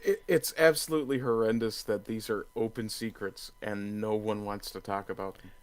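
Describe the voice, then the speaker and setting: A man's voice: fairly low pitch, fairly even intonation, moderate pace. A man in a casual chat, making dry, wry remarks.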